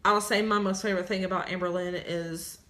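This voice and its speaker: A woman's voice: fairly low pitch, fairly even intonation, a little fast. A woman co-hosting a casual chat, talking earnestly about her feelings and often trailing off. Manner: earnest, soft-spoken, trails off. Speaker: co-host, partner.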